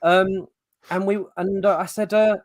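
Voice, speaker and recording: A man's voice: high voice, fairly even intonation, a little slow, no echo. Chatty English man telling stories. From England. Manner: chatty storyteller, swears freely. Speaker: podcast co-host. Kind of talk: casual chat. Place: podcast setup. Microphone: podcast mic.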